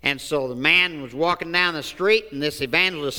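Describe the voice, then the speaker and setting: A man preaching a sermon, telling folksy stories and stressing key words deliberately. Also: on the high side, sharp tone. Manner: slow, folksy storytelling, deliberate emphasis. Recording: echoey hall.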